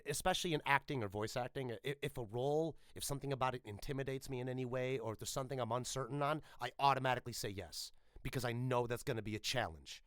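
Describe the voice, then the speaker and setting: A man's voice: medium pitch, a bit bright, no room sound, clean studio sound. A man, a voice actor, talking casually and emphatically in an interview, swearing freely. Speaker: voice actor guest.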